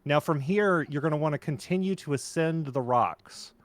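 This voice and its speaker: A man co-hosting a game stream, giving deadpan, instructional mock-guide commentary. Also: fairly high pitch, normal speed, dry recording. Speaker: co-host.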